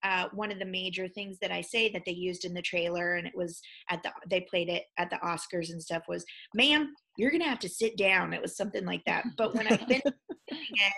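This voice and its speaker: A woman's voice: lowish voice, quick pace, vocal fry. A woman from Missouri with a mild southern Missouri accent, chatting animatedly as a podcast guest in a studio. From Springfield, Missouri. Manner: animated storyteller, laughs often. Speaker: guest comedian and actress. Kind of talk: casual chat.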